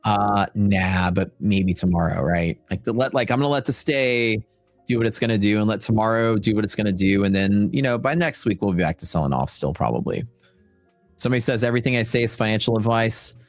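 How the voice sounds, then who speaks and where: A man's voice: on the low side, brisk, no room sound, faint music behind. A man with a Texan accent hosting a trading livestream in a rambling, chatty way, full of fillers and asides. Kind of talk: casual livestream chat.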